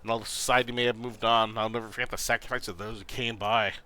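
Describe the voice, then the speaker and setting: A man's voice: lowish voice, flat delivery, fast talker, pushed and bright. A man voicing a weary, reflective middle-aged ex-gangster, reading game dialogue aloud in a subdued, thoughtful way.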